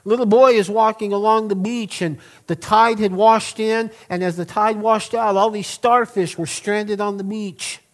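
A man's voice: sits high, steady tone, a little slow, hardly any pauses. A middle-aged man, preaching a sermon in an earnest, emphatic way and drawing out key words. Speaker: pastor.

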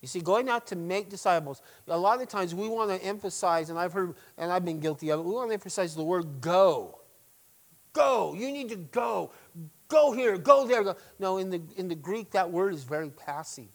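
A middle-aged man, a pastor, preaching a sermon, swinging between loud emphatic stresses and quiet asides. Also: high-pitched, brisk, hardly any pauses, rough recording.

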